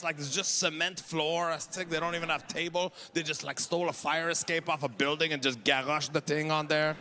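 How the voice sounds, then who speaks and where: A man in his forties with a Quebec French accent, doing an exasperated, ranting stand-up set and shouting his punchlines. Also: fairly high pitch, steady tone, a little fast, few pauses. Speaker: stand-up comedian. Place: comedy festival stage. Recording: noisy live stage recording.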